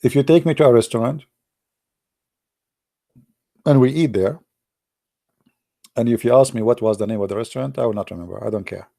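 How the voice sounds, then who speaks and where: A man with an Arabic accent telling stories in broken English, speaking Arabic as his first language, and jumping up high and excited for his punchlines. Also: a little fast, creaky, pauses often. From Arab world. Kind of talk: animated storytelling monologue.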